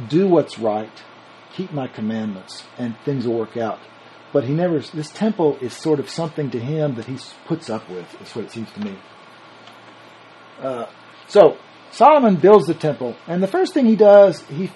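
A man preaches in an easy, conversational style, his voice set somewhat high and swinging widely in pitch. He reasons aloud, often starting a phrase over before pressing his point. A faint hum of ambience sits behind him. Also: mellow, low-quality recording. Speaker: Bible teacher. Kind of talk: sermon.

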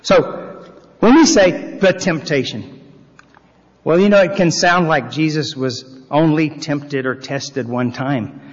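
A man's voice: fairly high pitch, takes it slowly. A man preaching a sermon as pastor in a church, reading scripture aloud with earnest, swelling emphasis. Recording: long hall reverb, slightly dull sound.

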